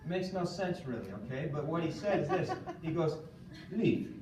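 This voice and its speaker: A man giving an animated motivational training talk to a live audience, often quizzing them and asking "okay?". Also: a little high, a little fast, a crowd in the background. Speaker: seminar speaker. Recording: echoey room from far off.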